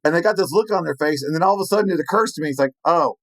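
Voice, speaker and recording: A man telling a story in an animated way, acting out the lines of the people in it. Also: on the high side, very fast, no echo, low-quality recording. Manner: lively, acts out quoted lines in his story. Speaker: penetration tester telling a story.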